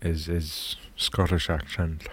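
Hesitant low-voiced man. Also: flat delivery, takes it slowly, a bit bright, husky. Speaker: podcast panelist. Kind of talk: casual film discussion.

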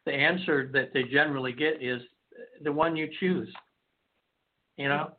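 A man's voice: on the high side, steady tone, moderate pace. A male hypnotherapist guest on a call-in radio show, telling stories in a rambling way with many restarts. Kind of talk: storytelling in a call-in radio interview. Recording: phone-like lo-fi line.

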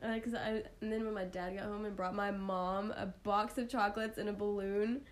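A woman's voice: medium pitch, steady tone, moderate pace. A young woman co-hosting a podcast, teasing her friend and giggling often in casual chat. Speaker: podcast co-host.

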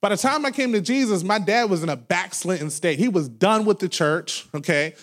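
A man in his thirties, a pastor preaching a sermon, loud and animated as he tells stories with laughs. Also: high voice, a little fast. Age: 30s. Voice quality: loud talker. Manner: animated storytelling with laughs and acted quotes. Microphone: handheld microphone held away from mouth.

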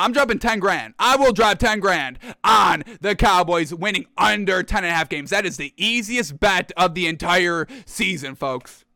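Brash high-voiced man ranting about football. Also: bright, forceful tone, no echo. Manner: brash, mocking, addresses viewers as folks. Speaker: sports show host. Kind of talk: animated sports opinion rant.

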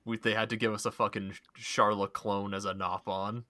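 A man's voice: fairly low pitch, little pitch movement, moderate pace, sharp tone. A man co-hosting a casual video game podcast, giving blunt, opinionated takes. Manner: blunt, opinionated gamer talk. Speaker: podcast co-host. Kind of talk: casual spoiler chat.

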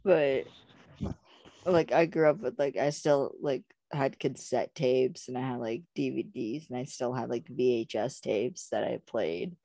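Low gravelly young woman chatting. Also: a little slow, dark tone, dry recording. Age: young adult. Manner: chatty, rambling, frequent "like" fillers. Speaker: podcast co-host. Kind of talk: casual chat.

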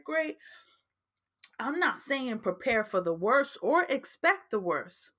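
A woman's voice: medium pitch, fairly bright tone. A woman from New Jersey with a New Jersey accent, hosting a casual faith-based advice podcast in a chatty way that repeats itself. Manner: chatty, repeats herself, frequent fillers. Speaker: podcast host.

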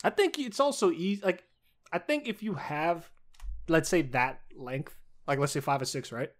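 A man with a somewhat high voice co-hosts a loose podcast chat. His pitch swings a lot as he riffs on crude jokes. He laughs often. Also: animated, normal speed. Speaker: podcast co-host.

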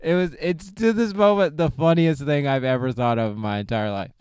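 A man's voice: on the high side, fairly quick, darkish tone, clean tone, no room sound, clean studio sound. A young man talking alone on his comedy podcast from inside a parked car, crude and rambling, often laughing at his own story. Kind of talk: solo comedy podcast monologue.

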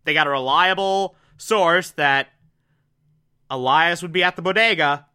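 Bright-voiced man recapping a TV episode. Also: fairly high pitch, measured pace, clean tone. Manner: enthusiastic, swears, asides. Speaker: TV episode reviewer. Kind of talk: casual spoken episode recap and review.

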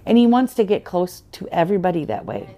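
A woman's voice: fairly low pitch, big pitch swings, brisk, warm tone. Earnest woman sharing a faith testimony. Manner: earnest storytelling, acts out quoted dialogue. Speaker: podcast guest. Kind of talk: personal faith testimony in conversation.

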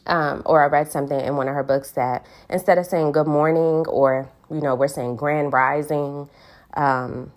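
A woman's voice: sits low, fairly even intonation. A woman hosting a podcast and talking casually about affirmations, in an earnest, reflective way, stretching out the words she stresses, with a lilt. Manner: earnest, reflective, drawn-out emphasis on key words. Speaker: podcast host. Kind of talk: casual solo podcast talk.

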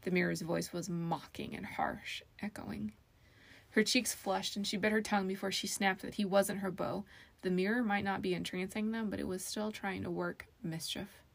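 A woman narrating a fantasy novel in an even, storytelling way. Her voice has a gravelly, creaky grain, sitting at a middle pitch. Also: normal speed. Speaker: audiobook narrator.

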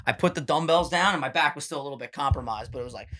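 A young man hosting a casual podcast, talking in animated, joking banter and laughing often. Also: a little high, rapid-fire.

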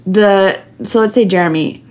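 A woman's voice: medium pitch, normal speed, a little mellow. A woman, a podcast guest, talking candidly and earnestly, telling personal stories with many restarts and fillers.

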